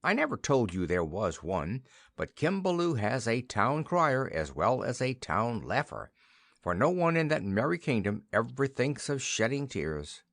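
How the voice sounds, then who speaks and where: A man reading a children's fantasy story aloud for English learners, with a lively, expressive delivery. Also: mid-range voice, unhurried, no echo, studio quality. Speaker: narrator.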